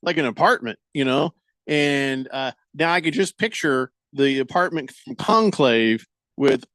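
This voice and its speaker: A man's voice: medium pitch, animated, measured pace, fairly bright tone, no room sound. A man hosting a casual sports radio show, rambling and joking, often stumbling over words and acting out quoted voices. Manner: rambling, jokey, stammers and restarts; acts out quoted voices for laughs.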